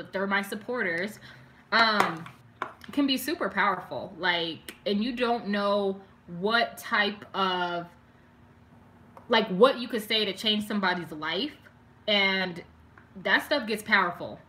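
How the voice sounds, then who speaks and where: A young woman talks with her viewers during a live stream, her voice bright and clear. She rambles in a loose, heartfelt way, leaning on "like" constantly. She stops here and there to read comments out loud. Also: medium pitch, unhurried. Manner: chatty and emotional, heavy use of "like", reads viewer comments aloud. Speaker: beauty vlogger doing a live stream. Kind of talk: casual chat with live viewers.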